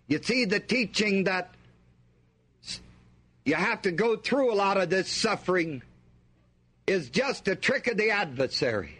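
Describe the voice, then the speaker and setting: A man's voice: high voice, pushed and bright. A male preacher delivering an emphatic sermon, reading scripture aloud and drawing the congregation in with questions.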